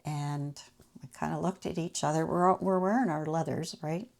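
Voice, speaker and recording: A woman's voice: low-pitched, fairly even intonation, normal speed, gravelly, darkish tone. A woman telling personal travel stories in a chatty, anecdotal way. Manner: chatty, anecdotal, acts out quoted people. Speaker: channel host. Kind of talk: casual personal storytelling.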